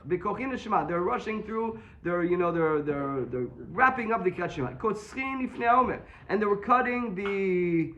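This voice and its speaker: A man teaching a Talmud class, explaining quickly and mixing Hebrew terms into his English. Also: high voice, pushed and bright.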